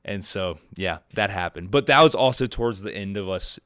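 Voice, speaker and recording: A man's voice: on the low side, normal speed, clean tone, dry recording, studio quality. A man hosting a podcast, telling stories in casual chat, often laughing and acting out the people he quotes. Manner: laughs often, animated storytelling with quoted voices. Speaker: podcast host.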